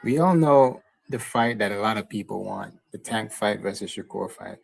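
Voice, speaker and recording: A man on a casual panel, speaking in a measured way as he raises a question for everyone. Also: on the low side, creaky, poor audio.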